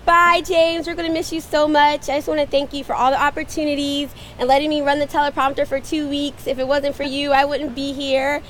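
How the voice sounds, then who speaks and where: A woman's voice: sits high, little pitch movement, brisk, few pauses, background noise. A woman recording a casual, giggly farewell message to a coworker. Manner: giggly, casual, loses her place.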